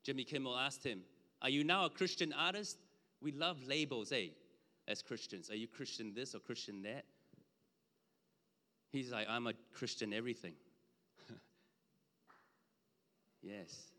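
A man preaching a conversational sermon with slides, emphatic at times and dropping low for asides. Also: unhurried, pauses often, pushed and bright. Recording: long hall reverb.

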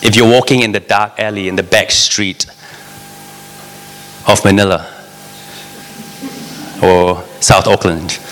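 A man's voice: on the low side, fairly even intonation, slow, pauses often, a bit bright, slight background noise. A man preaching a sermon in an earnest, conversational way, speaking straight to his listeners. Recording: long reverb of a large hall.

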